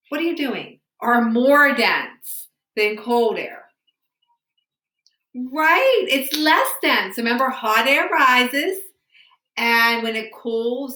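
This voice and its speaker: Woman teacher, bright tone, patient and encouraging, recorded in a roomy home space. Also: on the high side. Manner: patient, encouraging classroom questioning. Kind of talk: home science lesson to students. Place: home room.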